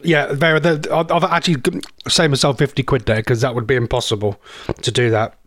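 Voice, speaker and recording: A man's voice: mid-range voice, fairly even intonation, fairly bright tone, no echo, studio quality. A man with a Norfolk accent presenting live radio, self-mocking and flustered, with a cold coming on. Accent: Norfolk English. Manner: flustered, self-mocking, stumbling attempts at fast auctioneer chant. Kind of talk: casual live radio chat.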